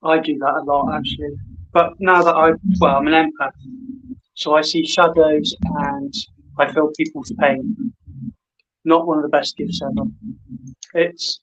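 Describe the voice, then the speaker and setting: A man's voice: fairly high pitch, little pitch movement, a little slow, long pauses, fairly bright tone. Man hosting, on dull lo-fi audio. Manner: chatty, storytelling, earnest. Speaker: podcast host. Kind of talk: casual podcast interview.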